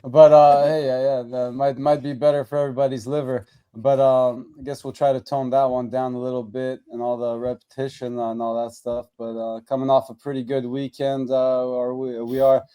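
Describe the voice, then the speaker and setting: Casting: male handicapper, warm and smooth, relaxed chatter. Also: medium pitch, moderate pace, hardly any pauses. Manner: laid-back, many fillers. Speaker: sports handicapper. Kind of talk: casual betting talk.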